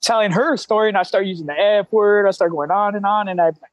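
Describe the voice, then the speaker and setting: A man in his thirties with a high voice, talking in a candid, streetwise way full of slang and cussing. The sound is dry and close, with no room around it. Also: quick pace, no echo, rough recording. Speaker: CrossFit coach, guest. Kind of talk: casual interview talk.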